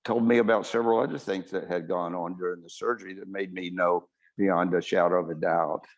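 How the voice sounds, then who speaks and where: A man, a surgeon, recounting a patient's story on a webinar in a halting way, with frequent restarts and self-corrections. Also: low voice, fairly even intonation, muffled recording.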